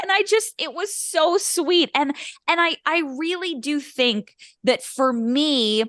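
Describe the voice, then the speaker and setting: A woman's voice: high-pitched, slow pace, fairly bright tone, dry recording, studio quality. A young woman co-hosting a podcast in casual chat, talking in a gushing, emotional way with many restarts. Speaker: podcast co-host.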